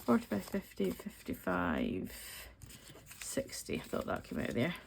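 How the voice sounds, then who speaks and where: Her voice is extremely low and gravelly, swinging hugely in pitch, and she speaks a little slowly. She's a Scottish woman in her forties from the Highlands, a budgeting vlogger counting money aloud in a rambling, um-filled, chatty cash-stuffing voice-over. The recording is rough, with a little hiss or hum.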